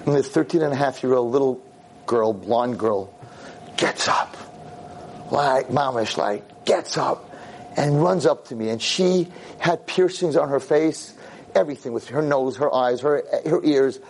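A middle-aged rabbi tells a story to a convention audience, acting out dialogue with big pitch jumps and mixing in Yiddish and Hebrew words. He speaks unhurriedly over a little hiss or hum.

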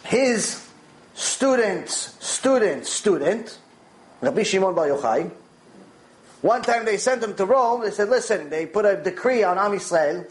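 A man with a high-pitched voice delivers a Torah lecture. He tells stories with animation and repeats key phrases to drive them home. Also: unhurried. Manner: animated storytelling, with repetition for emphasis. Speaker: Torah teacher.

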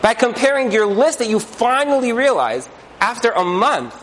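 A man giving an animated religious talk, acting out inner voices and asking rhetorical questions. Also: extremely high pitch, normal speed, a little hiss or hum, poor audio. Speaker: Jewish teacher.

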